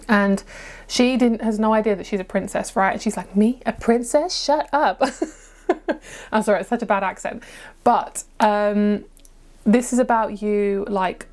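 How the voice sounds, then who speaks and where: A woman's voice: medium pitch, a little mellow. Brief: chatty woman giving a tarot reading. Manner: chatty and encouraging, stumbles over hard words. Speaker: tarot reader. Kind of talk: pick-a-card tarot reading to camera.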